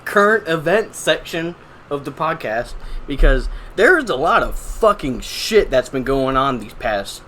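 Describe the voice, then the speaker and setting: A man's voice: on the high side, sing-song, unhurried, pushed and bright, slight background noise. A young man hosting a podcast in casual chat, teasing his co-host with jokes and steering the segments. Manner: teasing, joking, drives the segments.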